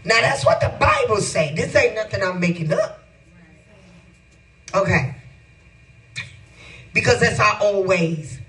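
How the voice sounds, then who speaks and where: A man in his fifties telling a folksy sermon story, animated and chuckling to his congregation. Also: high voice, unhurried, long pauses, distant mic, rough recording. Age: 50s. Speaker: preacher.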